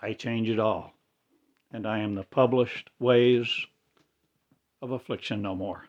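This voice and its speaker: A man's voice: lowish voice, fairly even intonation, unhurried, lo-fi sound. A man delivering a rambling religious monologue in cryptic, incantatory, broken phrases. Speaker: self-styled religious speaker.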